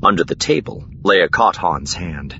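A man narrating an audiobook in a steady, measured reading. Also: sits low, vocal fry, muffled recording, a little hiss or hum.

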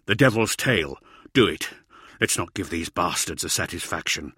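Man doing a hoarse, wounded, defiant fighter. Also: deep voice, expressive, moderate pace, pushed and bright, dry recording, studio quality, exaggerated voice.

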